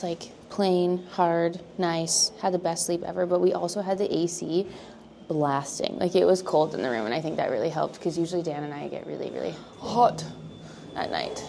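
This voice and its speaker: A woman's voice: lowish voice, creaky, warm tone, slight background noise. A young woman vlogging to a handheld camera, chatty and giggly as she talks about her day on the road and around town. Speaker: lifestyle vlogger. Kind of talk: casual vlog talk to camera.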